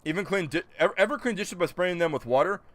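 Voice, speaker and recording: A man's voice: high-pitched, fast talker, fairly bright tone. A man streaming a game, chatting casually and ranting in disbelief as he answers his chat. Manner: incredulous, joking rants, answers chat. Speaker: gaming streamer.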